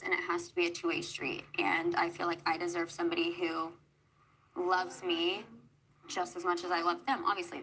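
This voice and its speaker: A woman speaks hesitantly on a television show, with frequent pauses. Her low voice has a gravelly fry and a bright, tense edge. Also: a little hiss or hum, low-quality recording. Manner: soft, hesitant, with many pauses and fillers. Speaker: reality show contestant. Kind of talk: emotional televised interview.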